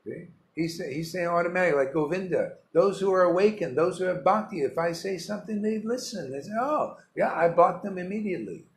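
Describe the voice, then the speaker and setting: Speaking briskly with hardly any pauses, a man with a high voice leads an informal devotional talk as a spiritual teacher, rambling emphatically and posing rhetorical questions. The sound carries a roomy echo, faint ambience and a little hiss or hum.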